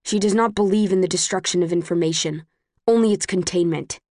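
A woman's voice: on the low side, a little fast, warm tone, dry recording, studio quality, close to an everyday voice. A woman voicing an anxious young man, a torn brother who talks in an earnest, pleading way. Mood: cold.

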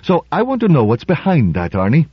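A man's voice: on the high side, huge pitch swings, a little fast, husky, dry recording, muffled recording, voice pushed up, exaggerated voice. A man voicing an insistent, blustering middle-aged host who has appointed himself as the questioner, in a storybook reading. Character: pushy self-appointed male dinner host.

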